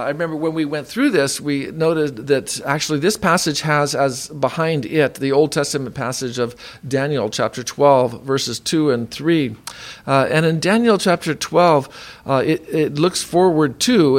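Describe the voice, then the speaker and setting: A man giving a sermon as a pastor, reading scripture aloud and explaining it with many pauses and fillers, in what he calls his monotone voice. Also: mid-range voice. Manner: self-described monotone delivery. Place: room with a heater.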